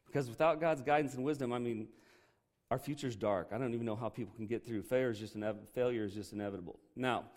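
A man preaching a Bible lesson in a conversational, joking way. He often checks in with "okay" and "right" and slows down to stress key words. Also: medium pitch, a little mellow. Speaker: pastor teaching a Bible lesson. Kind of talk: sermon.

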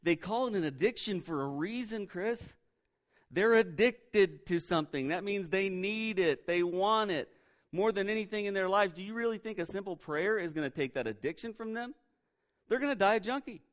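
A man's voice: sits high, expressive, normal speed. A man preaching puts on a sneering male devil who whispers doubts and mocks the listener. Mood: taunting. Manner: mocking, taunting.

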